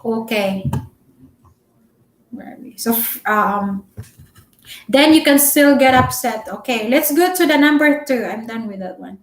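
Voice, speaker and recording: Chatty Filipino woman vlogger, slightly high voice. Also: lively intonation, measured pace, long pauses, a little hiss or hum. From Philippines. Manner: chatty, loud-spoken, frequent fillers. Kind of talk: casual live-stream advice talk. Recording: echoey room.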